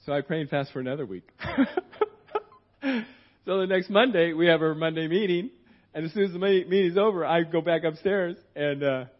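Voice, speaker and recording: A man's voice: fairly high pitch, a little fast, pauses often. A middle-aged man preaching in church, telling a personal story in a rambling, conversational way with many restarts and acted-out quotes. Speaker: guest preacher. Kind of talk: sermon told as a personal story. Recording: dull, muffled church sermon recording.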